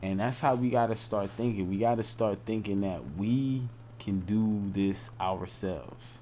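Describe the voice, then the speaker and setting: A man's voice: fairly low pitch, a little slow, warm tone, slight background noise. A young man talking casually on a late-night live stream, rambling and repeating himself in loose, informal speech.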